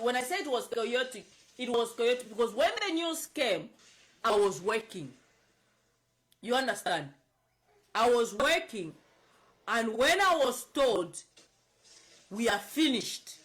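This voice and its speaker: A woman's voice: on the high side, expressive, a little slow, long pauses, poor audio. A woman from Zambia giving emotional, insistent political commentary, upset and near tears, repeating herself. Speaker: political advocate.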